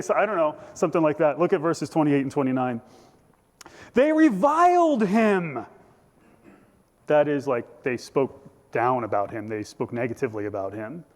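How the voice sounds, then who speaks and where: His voice is medium-pitched and a little mellow as he delivers a jokey, conversational sermon in a church sanctuary. The pastor acts out scriptural voices, and the recording carries church hall reverb.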